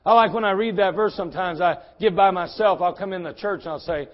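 A middle-aged man preaching a sermon in a church as pastor, swinging from fervent shouts to hushed, intimate tones. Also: sits high, fast talker. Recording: dull lo-fi sermon recording.

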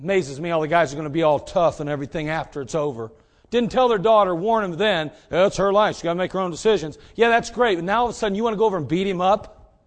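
A man preaching a sermon in a folksy, direct way, swinging between loud emphasis and quiet asides. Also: sits high, quick pace.

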